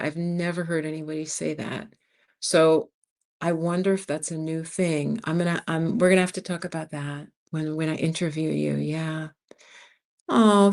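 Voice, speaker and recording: A woman's voice: lowish voice, a little mellow. Chatty, rambling New woman in her fifties. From United States. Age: 50s. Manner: rambling storyteller, chatty, laughs often, acts out quotes. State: tired from lack of sleep. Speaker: channel host. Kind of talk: casual livestream chat.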